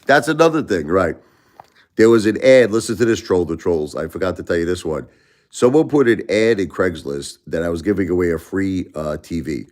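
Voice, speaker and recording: A man's voice: sits low, expressive, fairly quick, darkish tone. A middle-aged man, ranting to his live-stream viewers in a repetitive, stammering way. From Brooklyn, New York. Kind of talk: casual live-stream rant.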